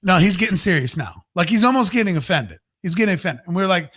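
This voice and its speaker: A man co-hosting a podcast, telling a long story in a rambling, animated way with plenty of swearing. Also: high-pitched, fast talker, hardly any pauses. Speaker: podcast co-host. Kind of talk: casual storytelling chat.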